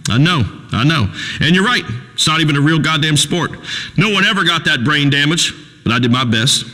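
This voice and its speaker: A man's voice: fairly high pitch, animated, fairly quick, pushed and bright, long reverb tail. An actor playing a crude, preachy rural male talk radio host who rambles and pontificates in a folksy way. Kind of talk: radio call-in show acting.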